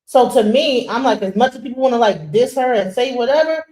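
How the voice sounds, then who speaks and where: Animated woman streamer in echoey room. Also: fairly high pitch, fairly quick. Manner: animated, conversational, mocking impressions. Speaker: streamer host. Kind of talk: casual commentary.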